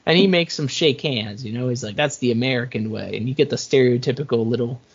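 A man co-hosting a podcast, casually recapping a movie and acting out its lines in an animated way. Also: mid-range voice, fast, husky. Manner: animated, retells scenes with quoted lines and laughs. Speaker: podcast co-host. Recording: muffled lo-fi audio.

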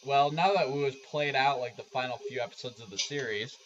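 Male podcast guest, earnest and casual, middle pitch, muffled recording. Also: fairly quick, fairly bright tone. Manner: earnest, personal. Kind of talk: casual chat. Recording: dull lo-fi sound with faint hiss.

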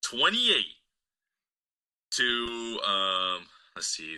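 A man co-hosting a sports podcast, talking in a profane, excitable, rambling way. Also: lowish voice, brisk, rough recording. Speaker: podcast co-host. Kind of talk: casual sports chat.

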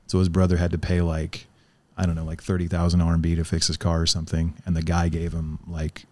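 A man's voice: deep voice, monotone, quick pace, darkish tone, a little hiss or hum. A man in casual chat, rambling and profane, laughing often and telling stories about life in China. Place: lives in China.

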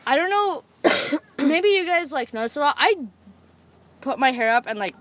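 Teen girl podcast cohost, high voice that jumps around a lot, giggly and chatty. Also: lively intonation, normal speed, fairly bright tone, no echo. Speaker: podcast co-host. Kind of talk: casual chat among friends.

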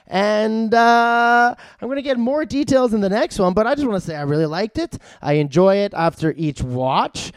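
A man's voice: high voice, expressive, moderate pace, few pauses, smooth, no echo, clean studio sound. A man from Canada gives a casual, rambling movie review. He uses lots of fillers and swears in passing. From Vancouver, Canada.

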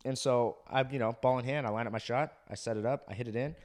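A man's voice: mid-range voice, fairly even intonation, fast talker, a little mellow. A young man casually telling a bar story to a friend, laid-back and profane. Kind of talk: casual chat.

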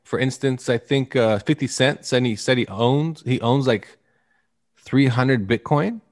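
Hosting a casual podcast, a man with a medium-pitched voice speaks unhurriedly. He rambles and jokes with his co-hosts, restarting a lot.

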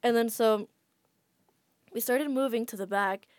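A woman's voice: a little high, a little slow, no echo, studio quality. Chatty woman telling a travel story. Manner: chatty, frequent "like" fillers. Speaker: podcast guest. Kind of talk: casual storytelling.

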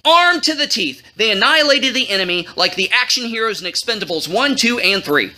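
A man telling a holiday story as comedy, animated and jokey, cheering and booing the characters. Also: high-pitched, a little fast. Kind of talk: comic retelling of a holiday story.

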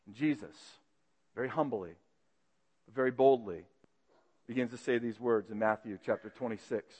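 A man preaching, retelling a story vividly and swinging between loud and hushed passages. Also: mid-range voice, expressive, normal speed, long pauses, in a large hall. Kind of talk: dramatic sermon storytelling.

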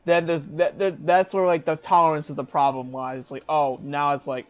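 A man's voice: fairly high pitch, little pitch movement, brisk, few pauses, lo-fi sound. A young man in his twenties telling a story on a casual podcast, rambling with fillers and self-corrections and laughing often. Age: 20s. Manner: laughs often while talking. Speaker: podcast co-host.

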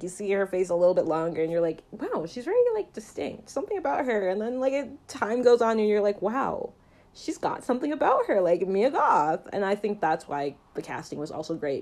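A woman casually recapping a horror film, chatty and animated with jokey asides. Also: lowish voice. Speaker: film reviewer.

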